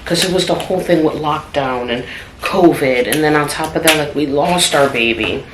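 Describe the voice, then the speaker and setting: A woman's voice: low voice, moderate pace, noisy background. Candid woman vlogging in an echoey kitchen. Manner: candid, drops to a soft trailing voice on sad parts. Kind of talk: personal storytelling vlog. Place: home apartment. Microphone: phone camera. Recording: echoey room with clattering dishes.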